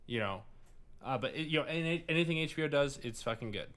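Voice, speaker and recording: A man's voice: fairly high pitch, expressive, fast talker, fairly bright tone. A man with a Midwestern accent co-hosting a casual podcast, rambling with lots of fillers, restarts and swearing. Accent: Midwestern American. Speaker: podcast co-host. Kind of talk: casual chat.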